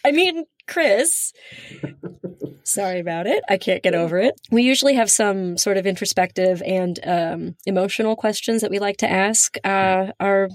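A woman's voice: mid-range voice, dry recording, clean studio sound. A woman co-hosting a comedic interview, giggly and playful as she asks questions. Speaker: co-host.

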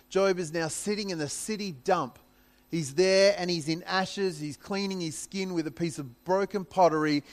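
A pastor preaching a sermon in a conversational way, acting out scripture in dramatic paraphrase. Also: male voice, high-pitched.

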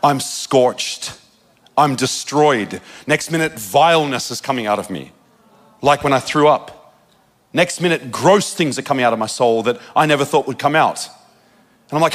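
A man from Australia with an Australian accent, preaching a sermon and telling a personal story with quick asides and laughter at himself. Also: medium pitch, lively intonation.

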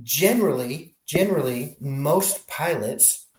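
A man being interviewed as a helicopter pilot, telling his career story in a lively way and often restarting his sentences. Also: fairly high pitch, slow pace. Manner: animated storyteller, many restarts. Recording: roomy echo.

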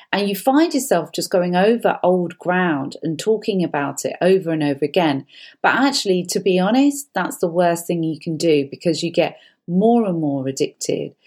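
A woman with a deep, slightly mellow voice appears as a guest psychologist in a conversational advice talk. She explains things earnestly and often repeats herself.

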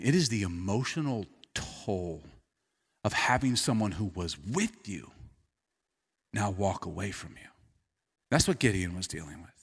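A man preaching a sermon, telling the story with animation and dropping to quiet intensity. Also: on the low side.

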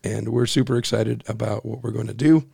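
A man in his forties with a hoarse, husky voice from overuse, co-hosting a casual church podcast in a small office with a joking, self-deprecating manner. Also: mid-range voice, fairly even intonation, a little fast, dark tone, no room sound. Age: 40s. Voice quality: gravelly, husky. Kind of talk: casual chat. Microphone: boom-arm studio mic.

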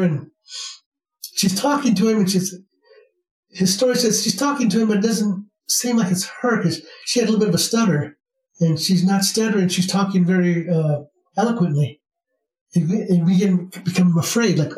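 A man's voice: high-pitched, moderate pace, darkish tone, recorded from a distance. A man telling a spiritual story in a rambling casual way, with many restarts and fillers. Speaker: spiritual teacher. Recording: roomy sound, from off mic.

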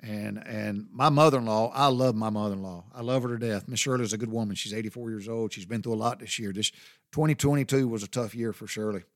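A man's voice: lowish voice, fast talker, no echo, clean studio sound. Drawling Southern man telling folksy stories. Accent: Southern American. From American South. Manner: rambling, drawling, swears casually. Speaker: podcast host. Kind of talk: folksy storytelling monologue.

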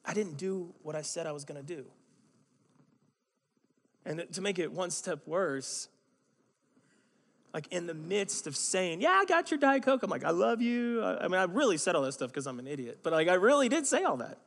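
A man's voice: a little high, expressive, normal speed, pauses often. A man preaching a sermon as a pastor, telling stories in a conversational way with self-mocking humor, recorded in a church sanctuary. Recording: long hall reverb.

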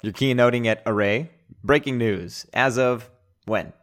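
A man's voice: mid-range voice, unhurried, fairly bright tone. A man hosting a podcast in casual chat, joking and laughing often. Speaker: podcast host.

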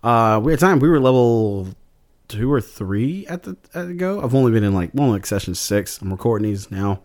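A man's voice: medium pitch, lively intonation, normal speed, a little mellow. A man casually recapping his tabletop game session as a podcast host, rambling with lots of fillers. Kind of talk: casual chat.

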